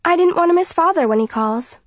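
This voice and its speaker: A woman reading as a teenage girl who talks in a sharp, accusing way. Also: high-pitched, very animated, moderate pace, dry recording, voice pushed up. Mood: cheerful. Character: teenage girl, defiant and coldly angry.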